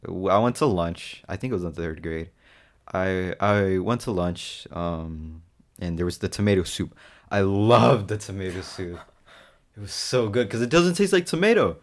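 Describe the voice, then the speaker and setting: A young man co-hosting a casual podcast, telling school stories with lots of swearing and animated quoting. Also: deep voice, moderate pace. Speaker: podcast co-host. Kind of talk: casual chat.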